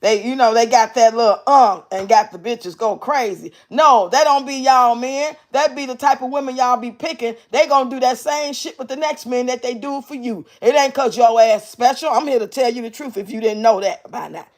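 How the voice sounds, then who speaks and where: A woman hosting a livestream, giving blunt, profane commentary and reading her chat out loud. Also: on the high side, moderate pace, few pauses. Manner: brash, profane, mocking. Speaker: livestream host reacting to clips.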